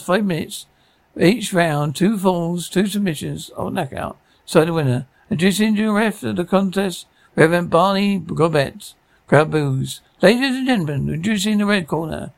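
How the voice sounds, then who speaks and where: A man's voice: sits high, gravelly, no room sound. An actor playing a pompous male boxing announcer who bellows and trips over his words, in a TV sketch comedy.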